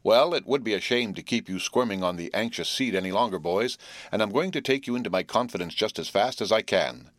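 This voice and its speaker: A man's voice: fairly low pitch, expressive, no room sound, natural voice. A man doing a teasing teenage boy leader. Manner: teasing, drawn-out storytelling.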